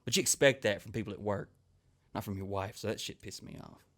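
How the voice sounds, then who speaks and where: Fairly quick and on the low side, with a fairly bright tone, this man's voice carries a profane storytelling monologue. He is a comedian hosting a podcast, rambling through crude tales, swearing nonstop, and performing the voices of people he quotes.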